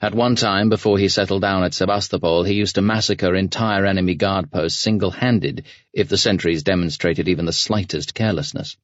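A man reading a novel aloud in an even, measured audiobook narration. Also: deep voice, dry recording. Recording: dull dry studio recording.

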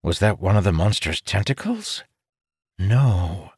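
A man narrating a fantasy audiobook in a steady, measured reading. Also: sits low, breathy edge, no echo, studio quality.

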